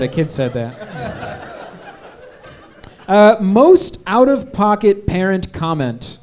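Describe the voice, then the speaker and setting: A man who is a teacher, telling blunt, profane stories about students and parents in a casual comedic chat. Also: fairly high pitch. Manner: blunt, swears, deadpan punchlines. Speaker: teacher, comedy tour regular.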